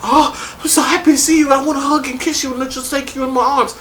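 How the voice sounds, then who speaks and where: A woman's voice: high-pitched, steady tone, quick pace, a bit bright, pitched above the performer's own voice. A man putting on the voice of a giggly, evasive young woman who talks in a sing-song, playful way. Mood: gushing.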